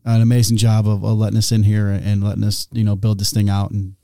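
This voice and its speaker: A man co-hosting a podcast, chatting in a laid-back way and giving thanks and shout-outs at the end of the show. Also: lowish voice, completely flat delivery, quick pace, vocal fry, no echo, studio quality. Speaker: podcast co-host. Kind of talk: casual chat.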